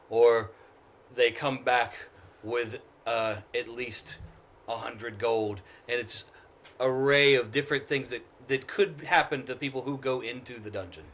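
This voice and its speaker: A man as dungeon master, describing the scene in a halting way, full of fillers. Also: mid-range voice, a bit bright. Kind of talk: narrating a tabletop game.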